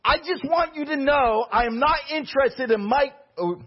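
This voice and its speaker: A man's voice: very high voice, lively intonation, normal speed, pitched above the performer's own voice. A male pastor voicing his young wife in a sermon story, shy and earnest. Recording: dull lo-fi recording.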